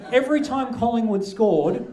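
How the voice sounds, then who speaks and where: High-voiced Australian stand-up comic. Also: male voice, expressive, moderate pace, background noise. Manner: crude, rambling, self-mocking storytelling. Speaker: stand-up comedian. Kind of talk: stand-up comedy set. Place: comedy club on stage. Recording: echoey club with crowd laughter. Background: audience laughing.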